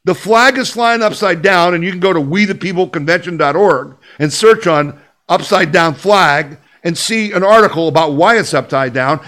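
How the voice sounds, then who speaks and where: A man's voice: sits high, fairly bright tone. A man hosting an opinion podcast, talking emphatically and combatively, repeating his points and asking the listener rhetorical questions. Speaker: podcast host. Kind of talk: opinion commentary.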